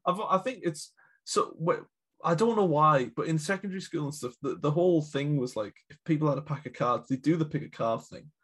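A man with a husky, breathy voice chats about films on a podcast. He keeps it jokey and laughs often. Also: on the high side, a little fast, fairly bright tone. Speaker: podcast co-host. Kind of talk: casual film chat.

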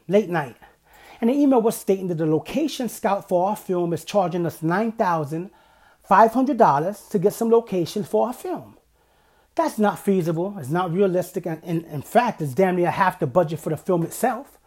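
A man's voice: sits high, darkish tone, breathy edge. A middle-aged man hosting a podcast, giving a blunt, emphatic motivational monologue and swearing freely. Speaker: podcast host.

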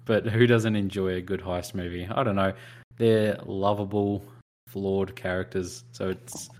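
A man's voice: sits low, flat delivery, unhurried, a little mellow. A man co-hosting a podcast, rambling and thinking aloud in casual chat. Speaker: podcast co-host.

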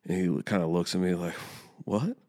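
A man with a very deep, low voice tells a story in a relaxed, casual way. He swears freely and gets more heated as he goes, as a young youth soccer coach speaking to his listeners. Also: normal speed.

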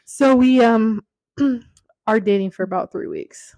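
A young woman tells a story in an easy, chatty way, her voice sitting a little high and full of laughter. The sound is close and dry, with no room around her. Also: slow, no room sound. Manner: animated, laughs often while telling. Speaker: podcast guest. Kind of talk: casual storytelling chat.

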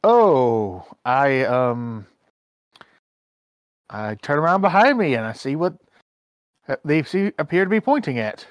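Slow, wry player speaking in character. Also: medium pitch, sing-song, no room sound. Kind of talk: in-character tabletop play.

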